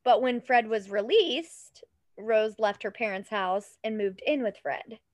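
Animated high-voiced woman telling a story. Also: a little slow, no echo. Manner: animated, laughs often, stumbles over words. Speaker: podcast co-host. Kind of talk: casual true-crime storytelling chat.

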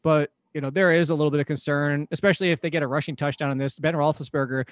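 A man's voice: on the high side, fairly even intonation, fast talker, no room sound. Man talking fantasy football, dry mic. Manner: analytical, chatty, laughs often. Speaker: podcast co-host.

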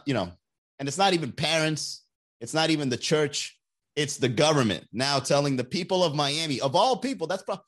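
A man ranting casually and comedically as a podcast host, loose and slangy, swearing and laughing at his own jokes. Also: fairly high pitch. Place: Miami area.

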